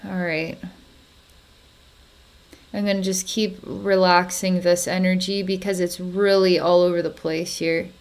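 A woman psychic narrating a distance energy healing in a halting way, with frequent fillers and soft chuckles. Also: lowish voice, little pitch movement. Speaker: psychic healer.

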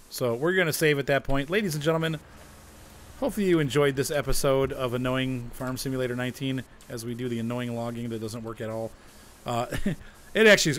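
A man's voice: mid-range voice, slight background noise. A man hosting a casual gameplay video, chatting and grumbling about game glitches as he plays. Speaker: gaming video host.

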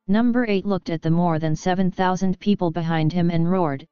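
Woman audiobook narrator, steady and even; low, crisp, dry voice. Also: normal speed, hardly any pauses, no echo. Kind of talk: audiobook narration of a web novel. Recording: dull lo-fi audio with faint music.

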